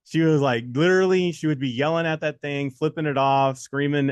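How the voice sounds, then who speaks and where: Animated man telling stories, dry mic. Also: fairly high pitch, brisk, smooth, no echo. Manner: animated storytelling, acts out quotes, repeats for emphasis. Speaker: co-host of a test-prep show. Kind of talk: casual motivational talk.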